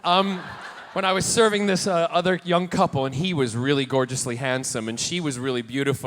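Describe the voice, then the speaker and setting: A man in his forties, a celebrity guest at a convention panel, telling bawdy, campy anecdotes to the crowd with energetic restarts and playful jokes. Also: on the high side, fairly quick, hardly any pauses. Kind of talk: live convention Q&A storytelling. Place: large convention hall panel room. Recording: echoey hall with faint noise.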